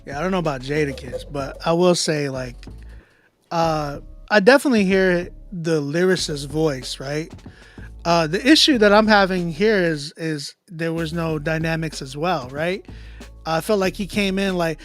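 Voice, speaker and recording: Host type: male music reviewer, high voice, loose slangy delivery, faint music behind. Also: normal speed. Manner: animated, conversational, drops in slang and filler. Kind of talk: casual song critique, talking to viewers.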